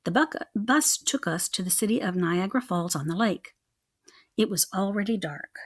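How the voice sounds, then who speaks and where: A young adult woman reading a children's chapter book aloud in an expressive, rhythmic way. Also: medium pitch, normal speed, husky. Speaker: reader.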